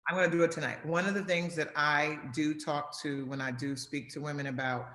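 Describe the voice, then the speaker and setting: A middle-aged woman speaks as a guest over a video call. Her voice is bright and pushes hard. She repeats her key phrases for emphasis, and the sound is roomy and echoey. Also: deep voice, fairly even intonation, brisk, a little hiss or hum. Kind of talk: casual video interview.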